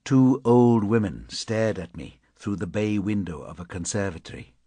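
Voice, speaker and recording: A man's voice: on the low side, animated, normal speed, dark tone, no room sound. A man reading an audiobook in a terse, clipped first-person narration. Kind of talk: scripted narration.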